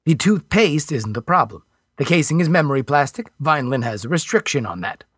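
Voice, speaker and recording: A calm, refined man who weighs each word deliberately, as a male narrator voices him. The tone is reserved and slightly husky. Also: a little high, no room sound, clean studio sound. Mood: cool.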